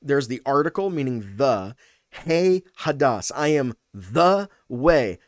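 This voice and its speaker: A man's voice: medium pitch, big pitch swings, slow, no room sound, clean studio sound. A man, a pastor, teaching a Bible passage in a casual video, thinking aloud with fillers and restarts.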